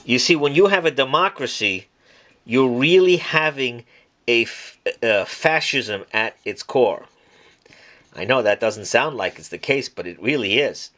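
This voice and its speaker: A man at an ordinary middle pitch delivering a scripture lesson with insistent emphasis. He circles back and repeats the words he wants to drive home, and he draws out phrases slowly for weight. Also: expressive, bright, forceful tone. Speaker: Bible teacher. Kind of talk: preachy monologue on scripture.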